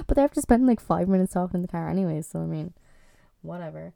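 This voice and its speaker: Gravelly, chatty young Irish woman. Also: fairly low pitch, fast talker, dark tone, no echo. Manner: chatty and exasperated, lots of fillers. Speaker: vlogger. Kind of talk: casual TV review chat.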